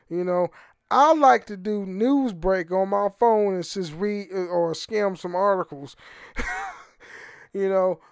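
High-voiced guy ranting solo on his podcast, swears a lot, repeats himself, dry close sound. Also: a little mellow, clean tone, dry recording. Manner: rambling, profane, repeats words, laughs often. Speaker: podcast host. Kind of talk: casual solo podcast rant.

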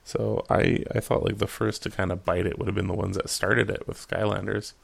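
A man's voice: fairly low pitch, little pitch movement, brisk, vocal fry, husky. A young man co-hosting a podcast, rambling and making crude jokes with lots of fillers. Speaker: podcast co-host. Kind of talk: casual podcast chat.

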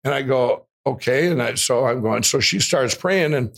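A man, a guest in an interview, telling a long personal story in an animated way, with frequent restarts and acted-out quotes. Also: mid-range voice, normal speed, gravelly. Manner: animated, restarts often, acts out quoted voices.

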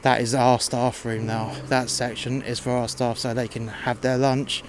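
Against background noise, a man with a mid-range, level voice and normal pace delivers a casual monologue about his job. He's a podcast host, and he's blunt, sweary and exasperated about it.

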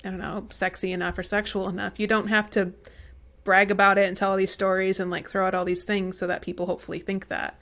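A woman's voice: mid-range voice, little pitch movement, quick pace, fairly bright tone. A young woman co-hosting a podcast in casual chat, talking with lots of likes and ums and laughing often. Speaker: podcast co-host.

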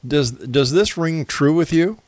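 A man hosting a talk show interview, measured as he lays out his theories at length. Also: a little high, a little mellow, dry recording.

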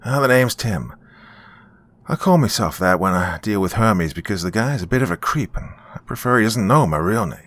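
A man's voice: on the low side, animated, normal speed, fairly bright tone. A man voicing a friendly, wry old man in a spoken story, talking in an easygoing, chummy way.

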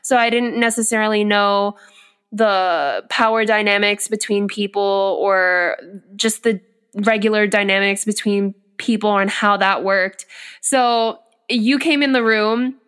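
A young woman telling a story in casual chat, animated and full of "like" fillers. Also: medium pitch, unhurried, clean tone. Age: young adult. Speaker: podcast co-host.

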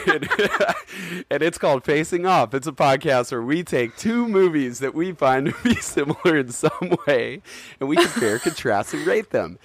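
A man's voice: a little high, huge pitch swings, measured pace, a bit bright, soft background music. A man hosting a podcast in casual chat, rambling, laughing often and swearing freely. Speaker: podcast host.

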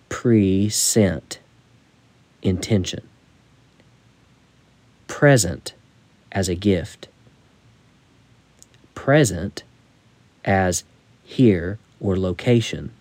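A man reading aloud from his own devotional book in a measured, deliberate way. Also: on the low side, a little mellow, no echo.

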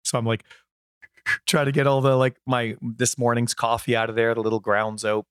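A man in his thirties co-hosting a gaming podcast, a bit hoarse, rambling casually through stories from home. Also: mid-range voice, little pitch movement, moderate pace, a bit bright, no room sound, clean studio sound. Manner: rambling, chatty storyteller. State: hoarse from a sore voice. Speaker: podcast co-host. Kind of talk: casual chat.

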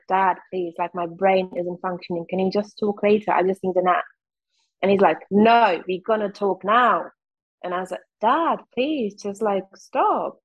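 A woman's voice: medium pitch, muffled recording. Woman with a Czech accent, candid. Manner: candid, fast, heavy use of "like". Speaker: guest. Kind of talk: casual interview chat.

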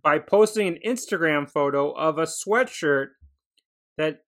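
A man's voice: a little high, measured pace, fairly bright tone. A man co-hosting a casual wrestling podcast, chatting and joking in an easygoing way. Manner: joking, laid-back commentary. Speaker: podcast co-host.

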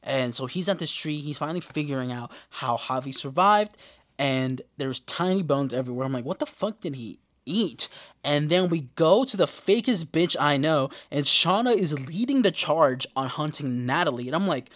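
Man, podcast host, casual recap, cursing freely, slightly high voice, dry sound. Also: normal speed, no room sound. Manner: casual, profane, animated when quoting characters.

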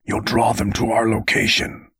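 Casting: a man doing a breezy, self-satisfied traitor lord, low husky voice, dry studio sound. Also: flat delivery, moderate pace, a bit bright, dry recording, heavily acted. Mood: smug. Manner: offhand, cheerful. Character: smug, carefree treacherous nobleman.

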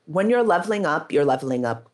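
Animated woman with a lively voice. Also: low-pitched, quick pace. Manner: animated, emphatic, laughs often, swears. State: near tears at times. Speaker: beauty brand founder. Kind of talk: interview, storytelling.

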